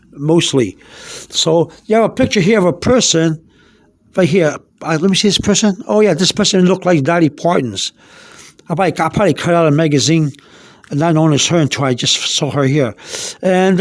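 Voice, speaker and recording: A man casually showing his study notebook at home, rambling through each step as he does it, filmed on a phone held over the page. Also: fairly high pitch. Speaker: self-taught language learner. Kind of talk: casual show-and-tell.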